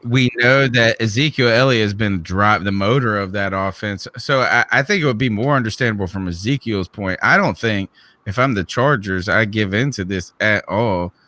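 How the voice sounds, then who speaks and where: A man's voice: on the low side, normal speed, pushed and bright, dry recording. A man with a Southern accent co-hosting a casual sports podcast, asking questions and restarting his sentences as he talks. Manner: conversational, prone to restarts and rhetorical questions. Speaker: podcast co-host.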